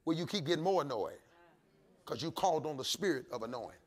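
A male pastor preaching a sermon, shouting and calling on the congregation to answer back. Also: a little high, lively intonation, fairly quick. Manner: preaching with shouts and call-and-response.

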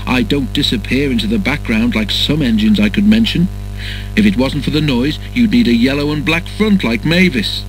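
A man's voice: mid-range voice, moderate pace, soft background music, natural voice, low-quality recording. A man doing a cocky red engine. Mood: teasing. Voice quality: cocky, teasing. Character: cheeky male red engine, sharp-tongued.

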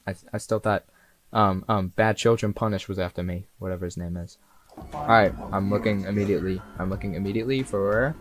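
A young man doing live commentary on a horror game, excitable and swearing freely, talking straight to the characters and breaking into sudden yells. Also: on the low side. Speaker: streamer. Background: faint game music.

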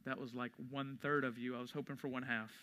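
Bright-voiced pastor preaching. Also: male voice, medium pitch, little pitch movement, fast, a little hiss or hum. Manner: conversational storytelling, rising to emphatic preaching. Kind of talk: sermon. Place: church sanctuary.

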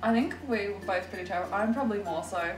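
A woman's voice: mid-range voice, fast. A young woman chatting as a vlog guest, giggly and self-deprecating. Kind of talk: casual chat. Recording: echoey room, distant mic, music behind.

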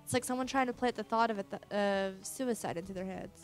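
A woman's voice: medium pitch, a little fast, soft background music. A woman casually commenting on a horror game she is playing, reading its text aloud and swearing now and then. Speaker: let's play gamer.

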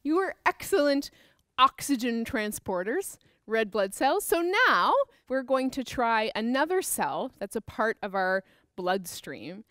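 A woman's voice: a little high, animated, unhurried, few pauses, sharp tone, no room sound, clean studio sound. A woman teaching a creative movement dance class for children, upbeat and encouraging as she counts out the moves. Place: dance studio with a piano.

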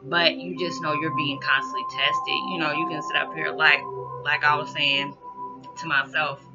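This woman in her 40s, a spiritual vlogger, speaks at a moderate pace in a low-pitched voice, rambling conversationally with many "you know"s. She grows animated and louder when acting out reactions. The lo-fi audio sounds dull, with music playing underneath.

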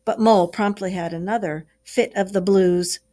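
A woman's voice: medium pitch, steady tone, moderate pace, mellow. A woman teacher reading a story aloud to young pupils and stopping to explain words. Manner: explains words to children as she reads. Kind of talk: classroom read-aloud.

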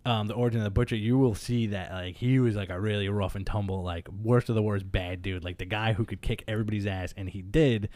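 A man with a lowish voice co-hosting a comic book chat. He talks with eager enthusiasm, rambling and filling gaps with "like" and "um", over a dry, close sound. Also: fairly even intonation, quick pace, few pauses, darkish tone, dry recording. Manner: enthusiastic, rambling, filler-heavy. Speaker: podcast co-host.

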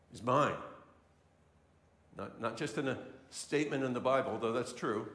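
A man's voice: medium pitch, normal speed, long pauses, a bit bright. Earnest male pastor preaching in echoey church. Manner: earnest preaching, repeats key phrases for emphasis. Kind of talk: sermon. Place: church sanctuary.

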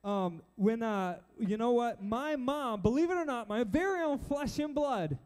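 A male youth pastor preaches in a loose, animated way, acting out Bible figures as he goes. His voice sits high but has a dark, mellow tone. The talk is chatty and aimed at a young crowd in a church hall. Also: measured pace. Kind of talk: casual sermon to a youth crowd. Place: church auditorium with a balcony.

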